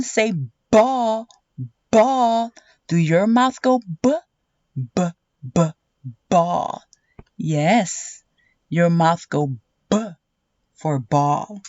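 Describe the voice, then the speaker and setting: A woman teaching young children a phonics lesson, sounding out letters slowly and with exaggerated emphasis. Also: mid-range voice, darkish tone, no echo. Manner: slow, drawn-out, exaggerated sounding-out for kids. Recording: dull, muffled lo-fi audio.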